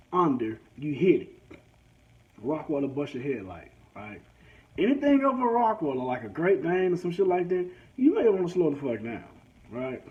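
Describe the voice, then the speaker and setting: A man from a rural country town telling a crude, swearing rant while driving. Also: fairly high pitch. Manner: crude, animated, swears freely. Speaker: vlogger. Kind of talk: profane storytelling rant. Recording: dull lo-fi sound, faint noise.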